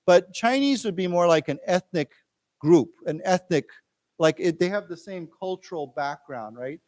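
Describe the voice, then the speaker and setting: A man's voice: high-pitched, animated, moderate pace, a little mellow. An American man teaching English, who explains words patiently and drills his class in a library lecture room. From United States.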